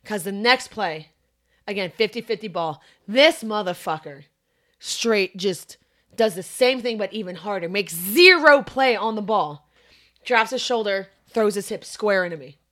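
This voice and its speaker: A young woman co-hosting a podcast, telling a story in casual chat, animated and profane. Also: medium pitch, measured pace. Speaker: podcast co-host.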